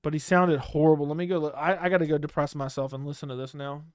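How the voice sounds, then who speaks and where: A man's voice: on the high side, level tone, fast talker, clear, resonant tone, no echo, studio quality. A man hosting a live stream, chatting casually and bluntly in loose slang while he reads out viewer comments. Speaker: livestream host. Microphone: studio microphone close up.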